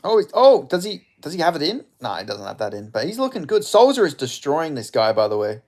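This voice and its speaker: Excitable man reacting to a live fight. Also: mid-range voice, fairly quick. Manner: excitable, swearing, bursts into loud reactions. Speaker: streamer hosting a live fight watch-along. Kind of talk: live casual fight commentary.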